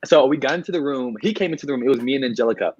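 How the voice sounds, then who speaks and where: A man's voice: medium pitch, rapid-fire, a little mellow, breathy edge. A man, a game's winner, recapping his moves in a casual podcast chat, rambling and acting out what he and others said. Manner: rambling storytelling, quotes himself. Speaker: game winner guest. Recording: dull lo-fi sound.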